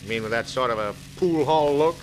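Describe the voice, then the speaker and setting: An actor playing a grumbling, jealous husband in a 1940s radio comedy, on an old broadcast recording. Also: male voice, mid-range voice, fairly quick, slight background noise, close to an everyday voice, low-quality recording. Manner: sulky, grumbling. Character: grumpy, jealous middle-aged husband Oliver.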